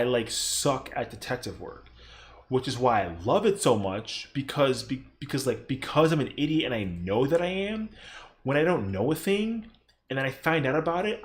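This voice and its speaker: Animated young man rambling on stream. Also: mid-range voice. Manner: animated, rambling, swears freely, mimics others in exaggerated voices. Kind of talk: casual stream chat.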